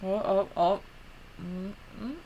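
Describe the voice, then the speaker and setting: A woman's voice: medium pitch, steady tone, takes it slowly, background noise. A young woman streamer chatting casually while editing photos, giggly and tired, full of "like" with a Valley Girl lilt.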